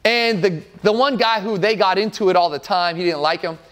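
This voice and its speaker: A male pastor of about forty preaches a sermon in a fairly high, fairly bright voice, speaking fairly quickly. He is earnest and emphatic, building his points through repeated phrases.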